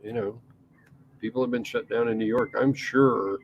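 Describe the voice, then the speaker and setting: A man's voice: mid-range voice, fairly even intonation, normal speed, lo-fi sound, slight background noise. A man with an East Coast accent co-hosting a podcast in a casual, rambling chat, full of restarts and the odd curse. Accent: East Coast American. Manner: rambling, with frequent restarts and profanity. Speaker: podcast co-host.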